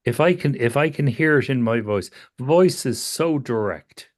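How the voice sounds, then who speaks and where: A man working as a psychotherapist, talking a client through self-awareness in a calm, questioning way that repeats phrases. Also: medium pitch, a little slow. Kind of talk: therapy session conversation.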